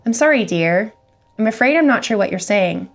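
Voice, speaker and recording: A woman's voice: mid-range voice, expressive, moderate pace, faint music behind, natural voice. A woman voicing a polite, confused man sitting in a diner, speaking courteously and mildly. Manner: courteous and mild.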